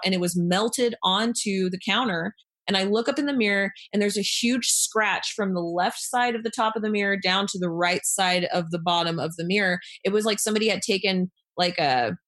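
A woman telling a personal story in a casual, animated way, acting out what people said with lots of "like" fillers. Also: medium pitch. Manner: animated, acts out quoted lines, many fillers.

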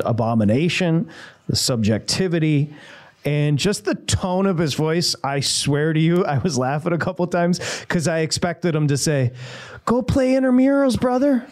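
A man's voice: on the high side, normal speed. A man hosting sports talk radio, chatty and amused as he wraps up with a guest.

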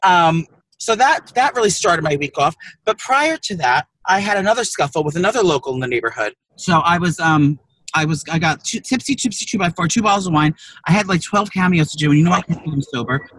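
A man's voice: on the high side, animated, fast, a bit bright, husky, rough recording. A man co-hosting a podcast in casual chat, telling a rambling, profane story full of restarts. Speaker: podcast co-host. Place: car.

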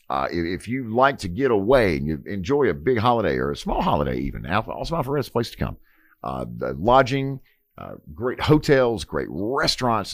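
A man's voice: fairly low pitch, no room sound. A man co-hosting a radio podcast from a studio. He reads sponsor spots and banters casually, rambling with many fillers and restarts.

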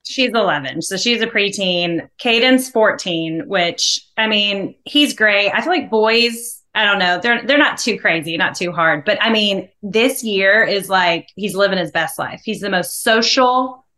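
Woman co-host, bright tense tone, mid pitch; relaxed, matter-of-fact chat. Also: measured pace, hardly any pauses, poor audio. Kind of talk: casual chat.

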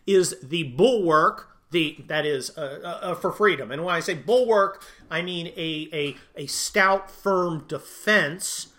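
A man's voice: fairly high pitch, takes it slowly, hardly any pauses. A middle-aged man hosting a podcast from his home, giving casual, sarcastic political commentary in a rambling way with many fillers. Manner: sarcastic, rambling, yells at barking dogs. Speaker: podcast host. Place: home with barking dogs.

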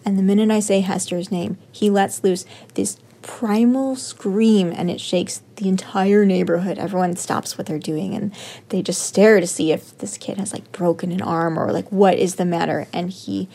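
Woman, mellow warm tone, wry parent storyteller, laughs through it. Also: mid-range voice, steady tone, moderate pace. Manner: wry, laughs while telling.

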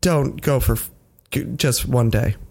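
A man's voice: medium pitch, slow pace, a little mellow. A man co-hosting a podcast, trading teasing jokes and puns in casual chat. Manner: teasing, punning banter. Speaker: podcast co-host.

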